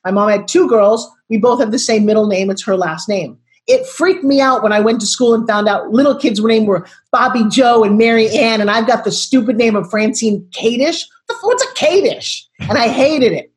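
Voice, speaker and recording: Animated older woman telling stories. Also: a little high, normal speed. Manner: expressive, dramatic storyteller. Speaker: guest. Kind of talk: animated storytelling interview. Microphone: video call.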